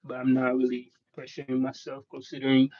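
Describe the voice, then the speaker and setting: A man whose first language is Swahili, chatting casually with viewers on a live stream, halting and rambling with many restarts. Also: mid-range voice, monotone, darkish tone, no room sound. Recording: dull, dry lo-fi sound.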